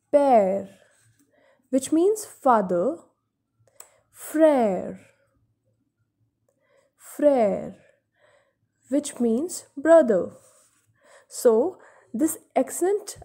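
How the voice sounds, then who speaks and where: A young woman giving a beginner French lesson, slowly repeating each example word and explaining its meaning plainly. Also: high-pitched, very animated, warm tone, breathy edge. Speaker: French teacher. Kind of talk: slow beginner language lesson.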